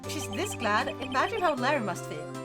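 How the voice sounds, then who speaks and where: A woman's voice: high voice, very animated, fairly quick. A woman voicing an earnest young male defense lawyer in a game, a little exasperated, over game music.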